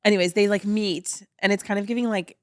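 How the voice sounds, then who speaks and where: A woman co-hosting a podcast, chatting casually about a book with quick reactions. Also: mid-range voice, fairly even intonation, no echo, studio quality. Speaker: podcast co-host.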